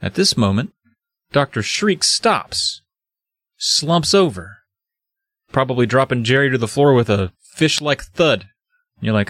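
A man's voice: mid-range voice, unhurried, no echo, clean studio sound. A man recapping a spooky kids' book with jokes, acting out the characters as he goes. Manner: animated, acts out voices mid-story. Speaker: podcast co-host.

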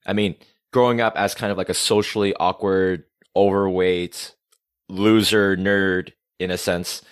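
A man from Rhode Island, talking as a guest on a casual podcast. His voice sits very low, and the sound is dry and close with almost no room echo. He rambles happily, pokes fun at himself and often restarts a sentence midway. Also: flat delivery, a little slow, clean tone. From Rhode Island, USA. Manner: playful, self-mocking, rambling with restarts.

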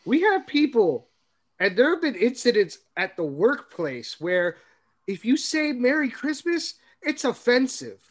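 A man from the West Coast telling stories in a casual podcast chat, animated and swearing. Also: extremely high pitch, a little slow. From West Coast, USA.

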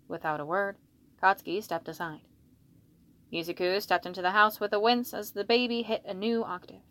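A woman narrating a fanfiction story in a steady storytelling read. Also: medium pitch, moderate pace. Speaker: fanfiction reader. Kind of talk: audiobook narration.

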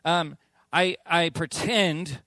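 A man preaching a sermon as a pastor, telling stories with animated, acted-out quotes. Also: on the high side, slow, dry recording. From Southern California. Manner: animated storytelling, acts out quotes.

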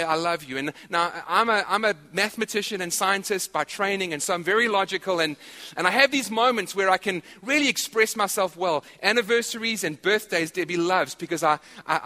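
A male pastor preaching a sermon, animated, repeating his key phrases. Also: sits high, in a large hall. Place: church hall.

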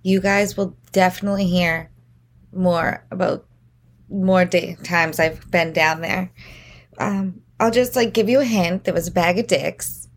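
A young woman hosting her own podcast, telling a story in a casual, animated way, swearing freely, filling her talk with "like" and acting out the people she quotes. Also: unhurried. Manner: animated, acts out quotes with big pitch jumps; swears freely, says "like" constantly. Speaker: podcast host. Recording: faint background noise.

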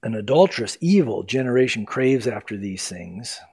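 A man preaching a sermon, retelling Bible stories with animated delivery and acted-out quotes. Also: mid-range voice, normal speed, slightly rough. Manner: animated storytelling, acting out quoted voices. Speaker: pastor.

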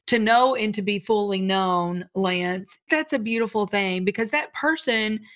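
A woman hosting a podcast interview, warm and affirming toward her guest, laughing easily. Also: mid-range voice, measured pace. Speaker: podcast host. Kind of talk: conversational interview.

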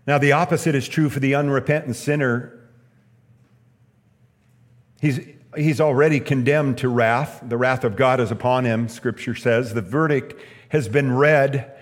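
Guy preaching a sermon, earnest storyteller, mid-pitched voice, long echo like a big hall. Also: fairly even intonation, unhurried. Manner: earnest storytelling preacher, emphatic repeated phrases. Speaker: pastor.

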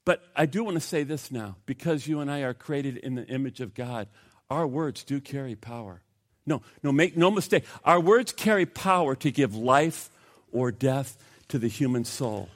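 A man preaching a sermon as pastor, swinging from loud emphasis to hushed, grave asides. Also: mid-range voice, animated, normal speed. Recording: long reverb of a hall.

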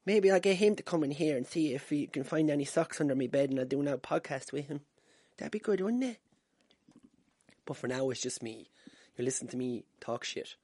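Husky-voiced Irish podcaster telling stories. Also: male voice, a little high, expressive, fairly quick, mellow, dry recording. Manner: swearing, self-deprecating, laughing at himself. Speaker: podcast host. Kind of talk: casual solo podcast storytelling. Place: room at home. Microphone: wired podcast mic.

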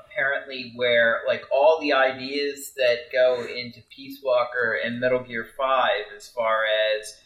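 A man's voice: mid-range voice, flat delivery, measured pace, hardly any pauses, a bit bright, low-quality recording. A man co-hosting a casual podcast, rambling through his thoughts with lots of "like" and "uh". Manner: rambling, many "like" and "uh" fillers. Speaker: podcast co-host. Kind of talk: casual chat about a video game.

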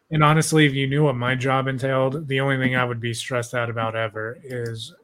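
A man's voice: mid-range voice, steady tone, normal speed, sharp tone. Young male podcast host, casual and profane, loose rambling delivery. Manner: profane, laid-back, rambling with many "like"s.

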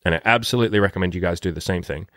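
Brief: young male dating coach, deep voice, dry close sound, blunt and profane. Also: racing, a bit bright, no room sound. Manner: blunt, profane, rambling with many fillers. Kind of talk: casual vlog monologue.

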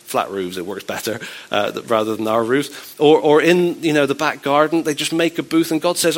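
A man's voice: a little high, moderate pace, hardly any pauses. A man preaching a sermon in a conversational, wry way, with playful asides.

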